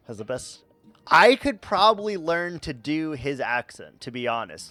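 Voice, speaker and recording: A man's voice: medium pitch, very animated, normal speed, bright, forceful tone. A young man streaming a game, chatting casually to his chat in a rambling, joking, self-mocking way with frequent chuckles.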